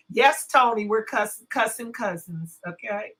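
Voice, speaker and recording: A woman's voice: medium pitch, animated, measured pace, few pauses, fairly bright tone, rough recording. Brash woman host with a sore throat. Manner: blunt, cussing, chatty, greets viewers. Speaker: livestream host. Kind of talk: casual commentary livestream.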